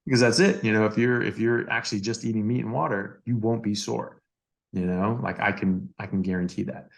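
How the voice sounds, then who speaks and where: Speaking fairly quickly, a deep-voiced doctor with a gravelly edge shares a story as a podcast guest. He's casual and animated, looping back on himself with filler words and doubled phrases.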